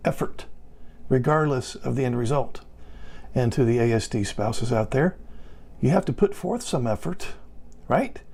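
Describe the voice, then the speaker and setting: Gravelly-voiced man coaching to camera. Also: mid-range voice, a little mellow. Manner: instructive, leads listeners through repeat-after-me scripts. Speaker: relationship coach. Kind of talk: casual coaching talk to camera.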